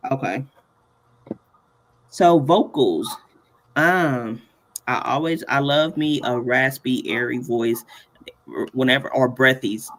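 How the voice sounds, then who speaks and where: A man with a gravelly, creaky edge to his mid-range voice runs a relaxed live class. He jokes and laughs easily while talking his viewers through each step. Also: medium pitch, a little slow. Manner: playful, laughs often, chatty asides. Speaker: workshop host. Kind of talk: casual live tutorial.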